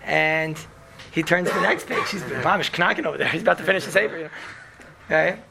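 Gravelly man telling a story. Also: on the high side, quick pace, noisy background. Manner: chatty, punctuates with "right?", mixes in Hebrew and Yiddish words. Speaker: speaker telling a story to an audience. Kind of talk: animated storytelling talk.

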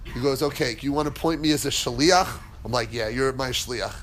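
A man's voice: medium pitch, brisk, a bit bright, a little hiss or hum. A man teaching a casual Torah class, chatty and digressive, who drifts into stories and laughs as he tells them.

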